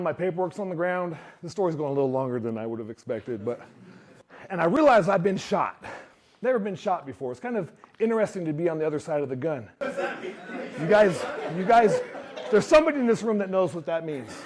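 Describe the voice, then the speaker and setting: A man giving a motivational talk to a live audience, telling his story in an animated way and acting out what others said. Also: sits high, fairly quick, some chatter behind. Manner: animated storyteller who acts out quotes. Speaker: speaker.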